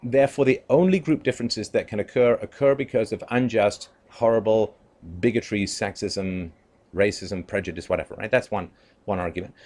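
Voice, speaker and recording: A man's voice: lowish voice, normal speed, darkish tone. A man giving an opinion commentary monologue, emphatic and conversational, leaning on "you know" and "right?" and chuckling between points. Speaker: political commentator.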